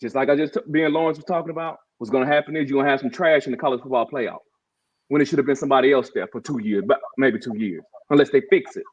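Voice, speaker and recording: With a mid-range voice and rapid-fire delivery, a man co-hosting a podcast goes on a heated, emphatic sports-talk rant. He's fired up, regularly calling the others "bro" and saying "y'all," in a dull lo-fi recording.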